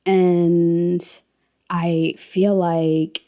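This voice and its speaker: A young woman with a slightly low voice talks through a story on her solo podcast. She is chatty and candid, laughs easily and sprinkles "like" everywhere. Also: flat delivery, extremely slow, warm tone. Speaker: podcast host. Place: lives in Florida.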